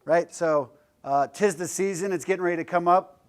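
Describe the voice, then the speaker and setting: Blunt, joking guest speaker, man, fairly high voice, casual classroom talk. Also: normal speed, clear, resonant tone. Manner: joking, blunt, lightly profane storyteller. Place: classroom lecture.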